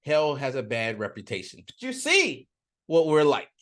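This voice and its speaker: A man voicing a sly, chuckling male devil in a low, hushed, teasing voice while telling a parable. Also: wildly swooping pitch, normal speed.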